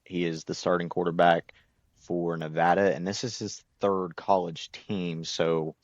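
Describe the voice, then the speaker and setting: A man co-hosting a sports podcast, giving a betting preview in a measured, steady way. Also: sits low, dry recording. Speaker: podcast co-host. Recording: slightly dull lo-fi mic.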